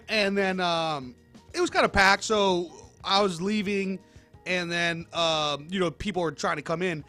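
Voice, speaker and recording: A man co-hosting a casual chat, an animated storyteller who laughs often. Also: sits high, measured pace, faint music behind. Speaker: co-host.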